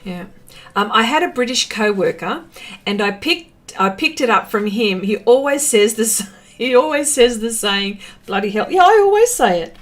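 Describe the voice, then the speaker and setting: An Australian woman speaks in a fairly high, sing-song voice at a moderate pace as she hosts a livestream. She chats casually while painting and reads viewer comments aloud, peppered with fillers.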